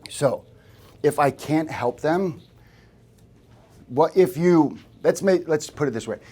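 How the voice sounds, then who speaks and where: A man's voice: on the high side, lively intonation, slow pace, dark tone, breathy edge. A man giving a live sales training to a room of agents, talking casually and often checking in with questions to the group. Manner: conversational, asks the room questions.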